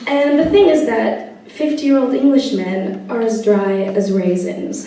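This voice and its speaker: A young woman from Spain, telling wry stand-up stories about her family with long comic pauses. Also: a little high, a little mellow. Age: young adult. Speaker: stand-up comedian. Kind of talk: stand-up comedy set. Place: comedy club stage. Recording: echoey room, mic at a distance.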